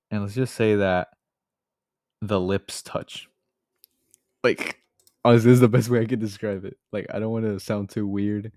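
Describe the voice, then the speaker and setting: A young man with a low, deep voice tells a childhood story in casual storytime fashion. He rambles, leans on fillers and sounds a bit sheepish, recorded close and dry with no room sound. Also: a little mellow, no room sound. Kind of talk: casual animated storytime narration.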